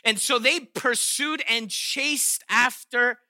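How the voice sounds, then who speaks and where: High bright voiced guy preaching, lively and sarcastic, stumbles and restarts a lot. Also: slow, no echo, clean studio sound. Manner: animated, sarcastic acting-out of quotes, frequent restarts. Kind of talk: sermon. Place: chapel or auditorium.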